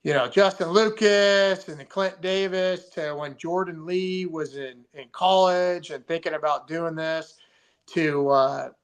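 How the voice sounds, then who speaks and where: Casual male pro angler, slightly high voice, relaxed slangy talk. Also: measured pace, clean tone. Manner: laid-back, slangy, says dude. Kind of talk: casual podcast chat.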